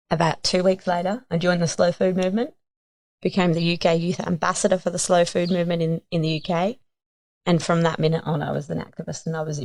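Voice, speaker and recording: An Australian woman in her thirties, a podcast guest, telling a story in a lively, casual way and acting out other people's voices. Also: low-pitched, dry recording. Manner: animated storyteller, acts out voices.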